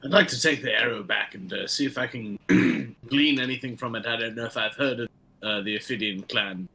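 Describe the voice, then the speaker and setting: A man's voice: medium pitch, brisk, pushed and bright, slightly rough. A man playing a tabletop game, talking in a plain, easygoing way. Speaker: player. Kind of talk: tabletop play.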